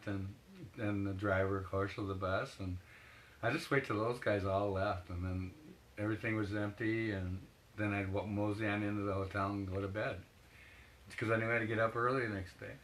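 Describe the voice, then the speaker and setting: A man's voice: fairly low pitch, flat delivery, brisk, a bit bright, a little hiss or hum, rough recording. A man being interviewed as a photographer, telling long rambling anecdotes with laughs and acted-out quotes. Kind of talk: casual storytelling in an interview.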